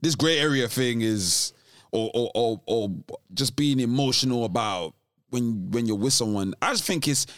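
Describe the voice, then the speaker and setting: A man co-hosting a podcast in casual chat, animated, often restarting his sentences. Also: medium pitch, moderate pace, no room sound, studio quality. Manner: animated, restarts often, laughs between points. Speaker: podcast co-host.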